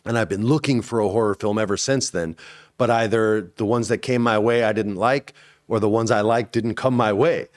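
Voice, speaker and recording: A man in his forties, an actor as interview guest, telling stories casually and acting out quotes with sudden high bursts. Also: steady tone, moderate pace.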